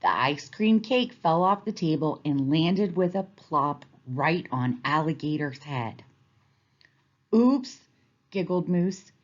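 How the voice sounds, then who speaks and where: A woman teacher reading a children's storybook aloud with expressive, clear storytelling. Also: deep voice, a little slow, hardly any pauses, highs cut off.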